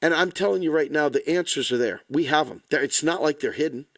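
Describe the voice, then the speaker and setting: A man's voice: fairly high pitch, fast talker, a bit bright, dry recording. A man delivering an impassioned, angry, blunt political rant to the camera, swearing freely. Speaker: political commentator.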